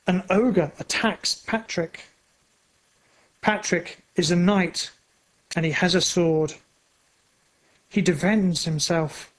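A storyteller reading a children's story aloud in plain, simple, measured sentences. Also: mid-range voice. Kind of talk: slow storybook narration.

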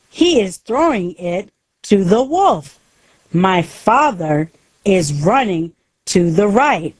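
A woman narrates a simple story aloud in a careful, deliberate reading. Her pace is very slow and her pitch moves lively up and down. The sound is dry and close. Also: no echo.

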